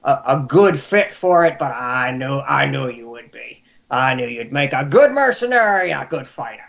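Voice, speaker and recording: A man's voice: mid-range voice, lively intonation, normal speed, vocal fry, fairly bright tone. A man voicing an old retired fighter turned weapon maker, a fond uncle who talks plainly and rambles. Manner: plain-spoken, rambling, with stumbles.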